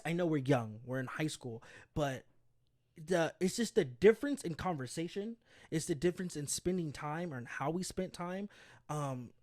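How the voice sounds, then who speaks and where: A young man co-hosting a podcast in casual chat, talking earnestly and often repeating words while he thinks. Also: a little high. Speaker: podcast co-host.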